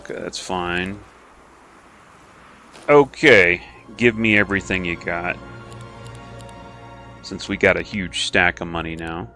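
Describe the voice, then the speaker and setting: A man's voice: deep voice, slow pace, pauses often, bright, forceful tone, faint music behind. A man giving casual commentary over his own strategy game, chatty and self-mocking, thinking aloud and making playful silly noises. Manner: playful silly noises and repeated sound effects. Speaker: game streamer.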